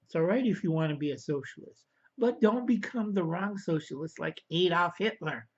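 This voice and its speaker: A man's voice: high voice, moderate pace, slightly rough, lo-fi sound. A man vlogging a casual political rant, rambling, correcting himself, and angrily calling his viewers kids. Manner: angry, addresses viewers as kids.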